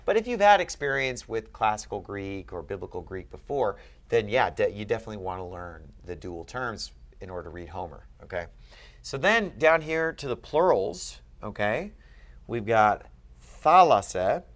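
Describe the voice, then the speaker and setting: A man's voice: fairly low pitch, big pitch swings, normal speed. A man tutoring a student one-on-one, explaining step by step and often checking that he is followed. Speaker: Greek tutor. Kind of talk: one-on-one language lesson.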